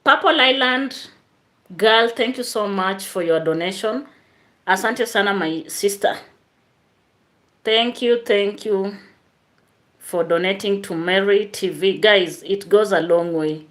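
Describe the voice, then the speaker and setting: A woman's voice: mid-range voice, takes it slowly, pauses often, a bit bright. A woman hosts a live stream, reading out viewer comments and chatting straight to her viewers.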